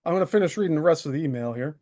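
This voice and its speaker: A man's voice: on the high side, animated, rapid-fire, mellow. A man hosting a live stream, airing his grievances in a sarcastic, aggrieved rant. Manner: aggrieved, sarcastic, mocking impressions.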